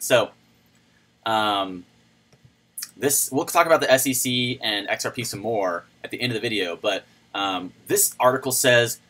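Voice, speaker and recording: A man's voice: medium pitch, sharp tone, slightly rough, rough recording. A man hosting a casual livestream, chatting loosely and greeting viewers by name as he reads their comments. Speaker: crypto livestream host.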